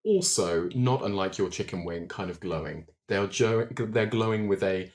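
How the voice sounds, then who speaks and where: A man narrating a tabletop game as game master, measured and full of ums. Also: low voice, animated, darkish tone.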